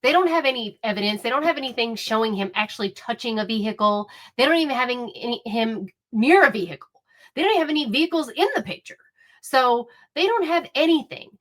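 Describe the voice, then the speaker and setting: A woman's voice: fairly high pitch, lively intonation, brisk, a bit bright. Woman ranting casually about a case, lots of ums and likes, fired up. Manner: chatty, indignant, many fillers and restarts. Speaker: true crime commentator. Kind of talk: casual commentary.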